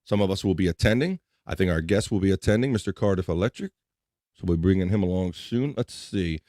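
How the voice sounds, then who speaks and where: Rambling low-voiced host with a Mid-Atlantic twang. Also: male voice, expressive, quick pace, heavy background noise. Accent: Mid-Atlantic American, slight twang. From Mid-Atlantic United States. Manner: rambling, chatty, restarts his sentences. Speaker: podcast host. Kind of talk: casual live-stream chat.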